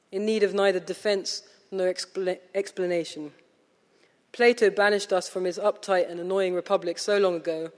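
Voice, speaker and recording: Woman, posh English accent, novelist, prepared lecture, measured, wry, long hall reverb. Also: mid-range voice. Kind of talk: prepared lecture read aloud.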